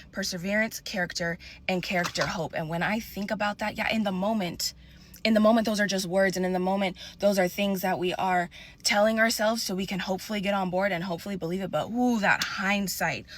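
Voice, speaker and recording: A woman's voice: medium pitch, fairly bright tone, a little hiss or hum. A woman giving an earnest, emphatic personal faith testimony in a conversational, preaching way.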